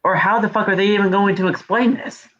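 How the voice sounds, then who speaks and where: A high, bright-toned man talks through a wrestling show on a podcast, swearing freely and recapping the action move by move. The audio is dull and lo-fi. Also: fast. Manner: profane, animated play-by-play recapping. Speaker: podcast co-host. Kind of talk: casual wrestling recap chat.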